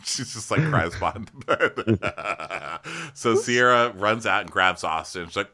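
A man's voice: low-pitched, measured pace, pushed and bright. A man co-hosting a podcast, recapping a reality show in casual, profane chat and mimicking the cast in mocking voices. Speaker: podcast co-host.

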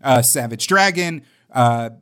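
A man co-hosting a casual comics podcast, telling stories with jokes and quick put-on voices. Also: mid-range voice. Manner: joking, animated storytelling with quoted voices. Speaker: podcast co-host.

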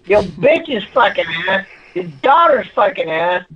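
A man's voice: sits high, very animated, measured pace, a bit bright. An older man calling in to a live show, arguing in a crude, combative, ranting way. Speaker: caller. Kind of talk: heated call-in argument. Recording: muffled phone line.

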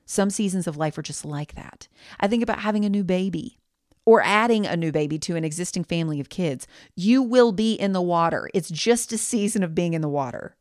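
A woman podcast host talks through a pep talk in a relaxed, conversational way, candid and reassuring, with a slight lilt. Her voice sits a little low for a woman. The recording is dry and close, with no room sound. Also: no echo. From United States.

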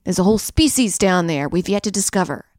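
A woman's voice: fairly low pitch, animated, fairly quick, a little mellow, dry recording, clean studio sound. A young woman hosting a podcast, riffing through a crude, rambling comedic monologue. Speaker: podcast host.

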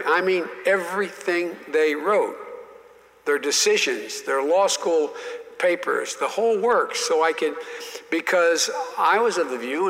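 Brief: older male guest, anecdotal and emphatic, slightly high voice, reverberant room with long decay. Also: a bit bright. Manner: repeats and restarts words, emphatic asides. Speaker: interview guest, former politician. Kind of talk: anecdotal storytelling in conversation.

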